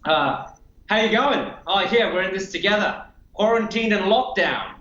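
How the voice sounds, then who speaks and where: A man's voice: high voice, animated, moderate pace, bright, forceful tone, roomy sound, muffled recording. A man putting on a laid-back, teasing Australian bloke with an Australian accent. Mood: joking. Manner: casual, teasing.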